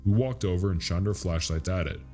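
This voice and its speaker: A man reading a scary true story as a narrator, in a slow, hushed, suspenseful delivery. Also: sits low, faint music behind. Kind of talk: scripted horror story narration.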